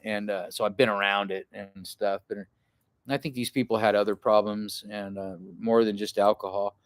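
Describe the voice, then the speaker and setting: A man vlogging to camera, telling a rambling, profane camping story in a casual way and acting out what other people shouted. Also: on the low side, steady tone, normal speed, no room sound, clean studio sound. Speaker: outdoor adventure vlogger.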